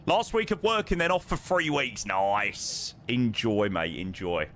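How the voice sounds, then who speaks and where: Fairly low in pitch and expressive, this British man talks a little slowly but with hardly any pauses, his tone a bit bright over a little hiss or hum. He's chatting casually on a flight sim live stream, voicing viewer messages and calling out aviation numbers like runway and altimeter figures.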